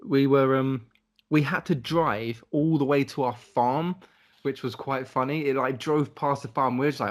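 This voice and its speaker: A man's voice: mid-range voice, steady tone, normal speed. A young man co-hosting a podcast, telling a travel story in casual chat, rambling and swearing with lots of "like".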